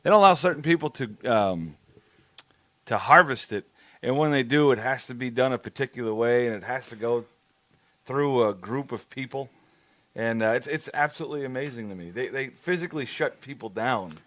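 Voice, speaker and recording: A man's voice: medium pitch, lively intonation, a little fast, a bit bright, no echo. A man co-hosting a podcast in casual chat, swearing and laughing often. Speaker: podcast co-host.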